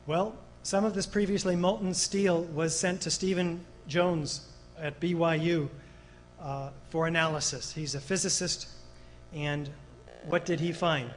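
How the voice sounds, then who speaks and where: A man's voice: a little high, steady tone, a little slow, low-quality recording. A man presenting technical evidence in a documentary lecture, earnest and explanatory, with occasional fillers and rhetorical questions.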